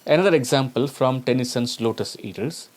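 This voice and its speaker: Guy giving a poetry lecture, reads lines out twice nice and slow then explains, asks students stuff. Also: medium pitch, darkish tone. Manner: repeats each example slowly, then explains it; poses questions to students. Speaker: teacher. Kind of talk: recorded lecture.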